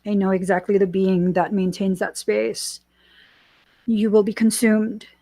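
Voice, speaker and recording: A woman hosting a spiritual podcast, speaking slowly and earnestly and repeating her warnings. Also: medium pitch, flat delivery, warm tone, no room sound. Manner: slow, earnest and warning, with repetitions. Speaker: podcast host. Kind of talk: spiritual channeling chat.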